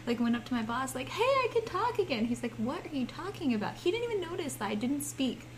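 Giggly young woman, slightly high voice. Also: animated, quick pace, a little mellow, a little hiss or hum, rough recording. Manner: chatty, giggly, teasing. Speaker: podcast co-host. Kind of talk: casual chat.

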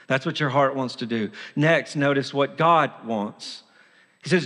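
Pastor, male, fairly high voice, earnest sermon delivery, long hall reverb. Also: sing-song, measured pace, fairly bright tone. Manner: earnest preaching, dramatizing the voice of sin. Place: church sanctuary.

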